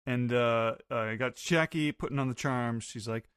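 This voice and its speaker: A man's voice: medium pitch, moderate pace, smooth, dry recording. Guy recapping a manga chapter on a podcast, mid voice, dry close mic. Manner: animated, acts out quotes. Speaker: podcast host.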